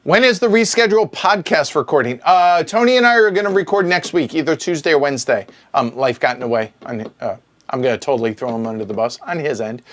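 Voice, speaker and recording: A man hosts a livestreamed Q&A at home, reading viewer questions aloud into a mic in front of the camera. His voice sits a little high and swings widely in pitch. He answers with quick, joking asides. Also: lively intonation, a bit bright. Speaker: board game show host. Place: home streaming room.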